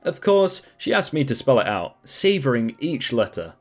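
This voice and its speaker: A man narrates a first-person story with an animated, rising and falling delivery. His pitch sits mid-range for a man. Faint music runs under the reading. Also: moderate pace.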